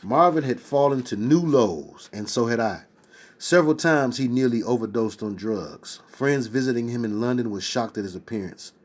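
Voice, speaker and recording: A man's voice: mid-range voice, moderate pace. Man reading a memoir aloud. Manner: steady read-aloud voice, breaking off into excited slangy asides. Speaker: reader.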